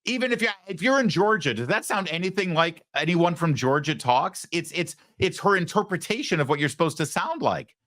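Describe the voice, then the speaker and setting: A man's voice: a little high, expressive, fairly quick, hardly any pauses, a bit bright, dry recording, studio quality. A man hosting a show, giving opinionated political commentary with frequent stammered restarts. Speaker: host.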